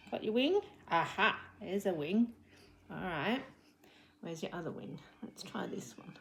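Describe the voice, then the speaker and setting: A woman teaching young children about words and sounds with a puppet, gentle and encouraging, sounding out letters and sometimes whispering softly. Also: mid-range voice, gravelly, slight background noise. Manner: gentle, encouraging, slow and drawn out. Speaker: children's literacy presenter. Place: home living room.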